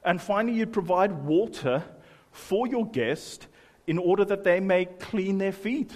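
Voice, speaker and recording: High-voiced pastor, echoing hall. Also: male voice, a little mellow. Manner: humorous, conversational preaching with many asides. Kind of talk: sermon. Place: church.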